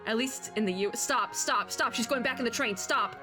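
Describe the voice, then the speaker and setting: A woman giving casual, excitable reaction commentary as a VTuber, chatty and gushing. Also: fairly high pitch, normal speed. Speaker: VTuber reacting to an animated short. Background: faint music from the video.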